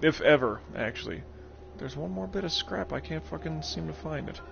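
A man casually commentating his gameplay on a live stream, profane and joking, talking from a warm room at home. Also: a little high, lively intonation, moderate pace, vocal fry. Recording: muffled stream audio over game noise.

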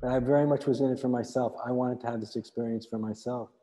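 Flat-voiced man with a long hall echo. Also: medium pitch, quick pace. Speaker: dialogue partner. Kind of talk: public spiritual dialogue.

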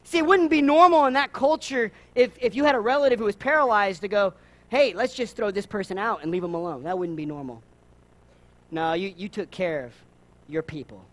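Male pastor, high-pitched voice, animated sermon delivery with rhetorical questions and acted-out quotes. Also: a little fast. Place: church service.

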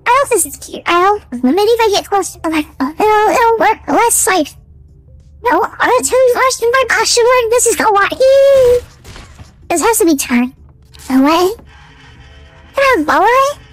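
A woman's voice: very high-pitched, lively intonation, a little slow, long pauses, soft background music. A young woman playing a scary game on stream, reacting with sudden exclamations and swearing into a desk microphone. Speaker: gaming YouTuber. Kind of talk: casual game commentary.

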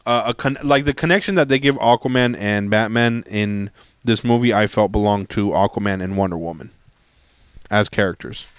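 A man's voice: medium pitch, clear, resonant tone, no room sound, clean studio sound. A man co-hosting a casual film review podcast, blunt and opinionated, swearing freely. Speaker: podcast co-host.

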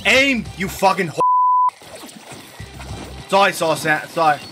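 A young man giving loud, cursing commentary over his own gameplay, raging and trash talking. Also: sits high, lively intonation, slow pace, over music. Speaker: gaming streamer.

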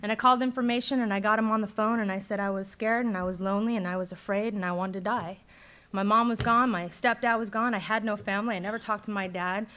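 A woman's voice: medium pitch, steady tone, quick pace, a bit bright. A middle-aged woman speaking at a recovery meeting, telling her personal story candidly and conversationally, with frequent ums and likes. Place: meeting room, live talk recording.

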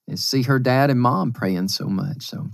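Earnest pastor, emotional, laughing easily. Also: male voice, medium pitch, a little slow, vocal fry, no echo, clean studio sound. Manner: earnest, emotional, laughs often, reads aloud with feeling. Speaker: pastor and podcast co-host. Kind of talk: casual chat.

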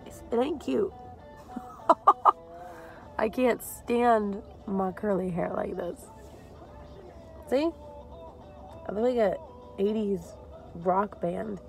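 A young woman chatting casually to camera as a fitness vlogger, animated and laughing often. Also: on the high side, takes it slowly, vocal fry, pauses often, faint music behind, low-quality recording. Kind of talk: casual vlog chat to camera. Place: car, then gym.

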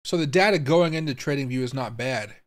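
A young man hosting a late-night live stream, talking to himself and his viewers in puzzled, muttered bursts. He swears often and keeps asking what is going on. His voice sits at a middling pitch. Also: lively intonation, a little fast. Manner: baffled, thinking aloud, swearing, talking to viewers. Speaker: crypto livestream host. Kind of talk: live-streamed casual commentary.

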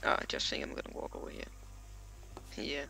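A man's voice: a little fast, bright, forceful tone. A man from Denmark, doing let's play commentary, swearing, laughing and exclaiming a lot. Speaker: gamer.

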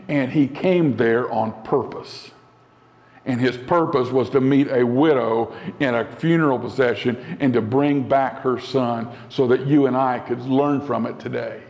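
A male pastor delivering a sermon in an earnest way, slowing down and dropping to a soft voice for emphasis. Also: mid-range voice. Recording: long hall reverb.

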